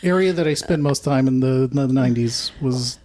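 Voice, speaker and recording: A man's voice: medium pitch, moderate pace, a little mellow, a little hiss or hum. A man co-hosting a podcast in casual chat, with a dry, teasing manner. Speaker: podcast co-host.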